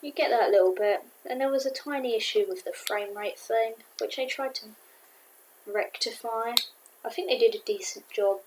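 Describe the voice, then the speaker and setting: A woman casually reviewing a cartoon episode to camera, rambling and excitable with many fillers. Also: a little high, normal speed, slight background noise, poor audio. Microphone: camera mic.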